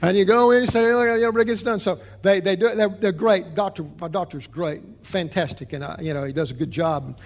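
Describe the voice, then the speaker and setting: A high-voiced male pastor delivers a lively sermon and slips into the voices of the people in his story. His voice rings through a church hall with a long reverb trail. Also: brisk, few pauses. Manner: animated, acts out the people in the story.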